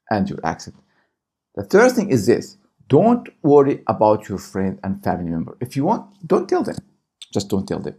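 A man's voice: mid-range voice, a little mellow, husky. A man giving coaching advice to camera in a vlog, often checking in with his viewers. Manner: coaching, keeps checking in with "okay?" and "right?". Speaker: small business YouTuber.

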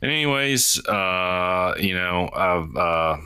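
A man co-hosting a podcast in casual chat, halting and searching for words, cracking corny jokes. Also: low-pitched, expressive, sharp tone, clean tone, no echo. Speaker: podcast co-host.

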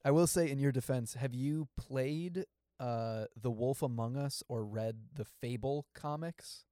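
A man co-hosting a casual film review podcast, animated as he mimics bad line readings. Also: mid-range voice, a little slow, clean tone, no echo, clean studio sound. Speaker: podcast co-host.

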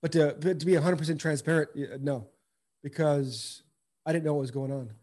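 A man's voice: a little high, fairly even intonation, a little fast, darkish tone. A middle-aged man, a former pro ballplayer, telling his story in an interview with earnest, impassioned repetition. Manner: earnest, impassioned, repeats phrases for emphasis. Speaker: guest, former pro baseball player.

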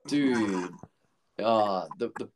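A man's voice: lowish voice, extremely slow. Laid-back swearing guy, faint hiss. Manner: laid-back, heavy swearing, rambling restarts. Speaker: podcast co-host. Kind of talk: casual movie chat.

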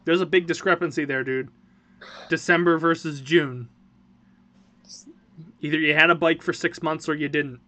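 A man's voice: a little high, fairly even intonation, moderate pace, pauses often, pushed and bright. A man in his thirties hosting a casual family podcast, teasing and dry-humored. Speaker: podcast host, parent.

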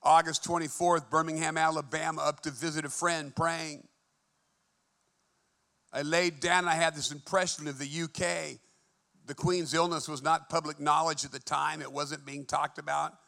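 A man preaching a fervent sermon in a church, moving between hushed and emphatic delivery. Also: a little high, little pitch movement, moderate pace, vocal fry. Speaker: pastor.

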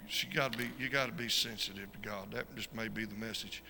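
A man preaching a fervent sermon as an evangelist, swinging from shouted peaks to quiet storytelling. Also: lowish voice, steady tone, fast, vocal fry. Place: church sanctuary. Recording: reverberant church hall with faint noise.

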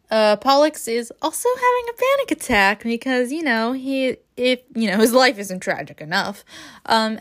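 A woman's voice: a little high, a bit bright. A woman hosting a podcast, recapping a book in a casual, rambling way with sarcastic asides and frequent laughs. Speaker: podcast host.

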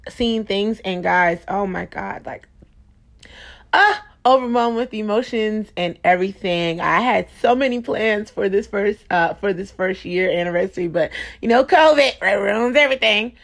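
Excitable lady podcast host, bit of fry in her voice, chatty. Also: mid-range voice, a little slow. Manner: bubbly, excitable, fillers. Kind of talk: casual podcast chat.

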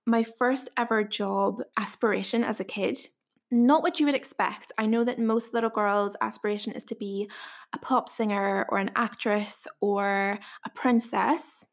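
A woman's voice: mid-range voice, steady tone, unhurried. A woman in her twenties with a Northern Irish accent, hosting her own podcast in a chatty way and taking care to enunciate. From Northern Ireland. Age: 20s. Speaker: podcast host and dietitian. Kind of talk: casual solo podcast introduction.

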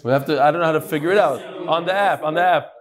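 A man's voice: on the high side, rapid-fire. A man teaching a live class, reading out listener messages and adding casual asides, full of Yiddish and Hebrew terms.

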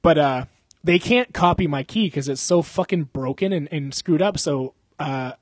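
Young male podcast host, higher voice, rambling and profane, heavy on fillers and sound effects, dry close mic. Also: moderate pace, no room sound. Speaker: podcast host telling a story. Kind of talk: casual storytelling.

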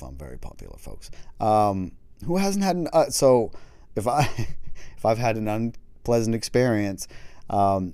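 Low-voiced rambling man, dry close sound. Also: dark tone, no echo. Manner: rambling, self-deprecating, swears casually, acts out quotes. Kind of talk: casual chat.

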